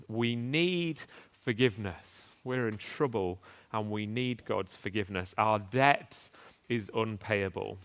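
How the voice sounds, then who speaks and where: A man giving a sermon with a smooth, resonant voice. He talks earnestly and conversationally, reading scripture aloud, stumbling over restarts now and then, and putting rhetorical questions to the congregation. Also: medium pitch, a bit bright. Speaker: preacher.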